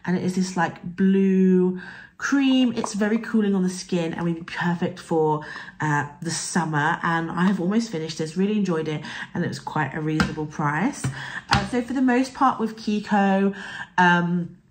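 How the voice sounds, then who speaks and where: A young woman talks her viewers through a makeup routine in a casual vlogger chat. Her voice still has some morning roughness. She speaks in a friendly, rambling way with frequent fillers and asides. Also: lowish voice, normal speed, a little hiss or hum. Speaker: beauty vlogger.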